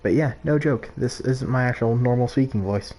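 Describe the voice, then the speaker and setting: A man's voice: medium pitch, moderate pace, warm tone. A man streaming a video game, chatting casually and rambling with lots of "like" and restarts. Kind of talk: casual gameplay stream chat.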